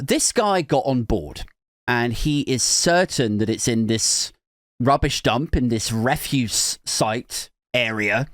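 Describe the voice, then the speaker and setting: A man's voice: fairly low pitch, dry recording, clean studio sound. A man hosting a podcast, giving a crude, sarcastic comedic commentary and slipping in mock voices. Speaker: podcast host.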